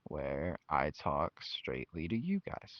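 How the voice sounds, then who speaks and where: With a bass voice that swings hugely in pitch, a bit bright and slowly paced, a young host rants to camera about his relatives, parodying their words. It's captured on a dull lo-fi mic, echo-free.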